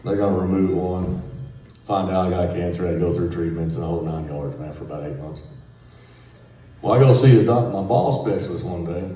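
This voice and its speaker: Deep, drawling man telling a tale. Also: fairly quick, warm tone. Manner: profane, drawling, laughing storyteller. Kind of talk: storytelling anecdote. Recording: roomy, far from the mic.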